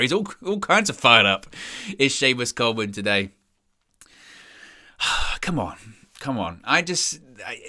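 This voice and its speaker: A man's voice: mid-range voice, sharp tone. A young man hosting a live match watchalong, chatting casually and reading out viewer comments with a self-deprecating, rambling manner. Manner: rambling with frequent restarts and "you know". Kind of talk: casual live-stream chat.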